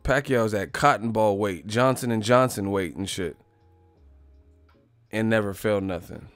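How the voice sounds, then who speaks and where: A man's voice: lowish voice, measured pace, smooth, no room sound, faint music behind. A man hosting a boxing channel, riffing in a loose, profane comedic rant and laughing often. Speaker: boxing commentator.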